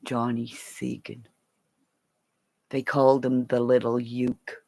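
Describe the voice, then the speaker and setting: A woman's voice: very deep voice, level tone, slow, vocal fry, long pauses, a little mellow. A woman from Canada ranting angrily to camera in a profane, rambling monologue. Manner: profane and angry; rambling, jumps between topics. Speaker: vlogger.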